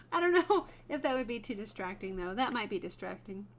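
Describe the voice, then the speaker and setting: A woman's voice: mid-range voice, very animated, normal speed, slight background noise. A woman hosting a wood burning livestream, chatting casually with viewers by name and laughing often while she works.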